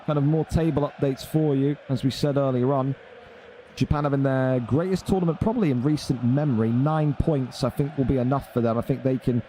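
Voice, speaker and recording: A man's voice: medium pitch, dark tone, slight background noise. A young man hosting a live esports stream, talking bluntly and swearing freely as he rants at his chat. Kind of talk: casual live-stream commentary.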